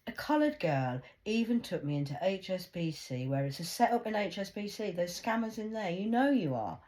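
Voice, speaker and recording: A woman rants straight to camera in an agitated vlog monologue. Her voice sits at an ordinary middle pitch, but she keeps dropping into hushed whispers and then surging into loud outbursts. She trips over repeated words as she pushes on. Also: sing-song, moderate pace. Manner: repetitive, stumbling restarts. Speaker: vlogger.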